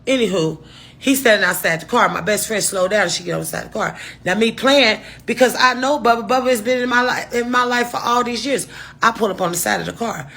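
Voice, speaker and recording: A woman spins a rambling, profane storytime for her viewers, doubling back to correct herself. Her voice is husky yet bright and edgy. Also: on the high side, a little fast. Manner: profane, rambling, restarts and asides. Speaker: storytime vlogger. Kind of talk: casual storytime monologue.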